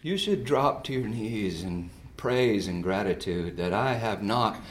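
A man speaking as God, a gentle father, in a slowed, lowered, hushed voice. The lines come softly and with weight. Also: lively intonation. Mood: tender. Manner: low, slow, hushed speaking.

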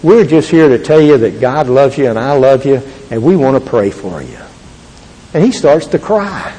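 An older man giving an earnest, halting Christian testimony to an audience. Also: mid-range voice, sing-song, dark tone, husky. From Texas. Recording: long reverb of a large hall.

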